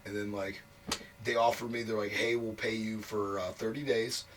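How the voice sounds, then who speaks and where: A man's voice: lowish voice, flat delivery, moderate pace, fairly bright tone, far from the mic. A man telling a long career story as an interview guest, frank and profane, packing his talk with "like" fillers. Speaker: wrestler guest. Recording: voice a bit off mic, faint noise.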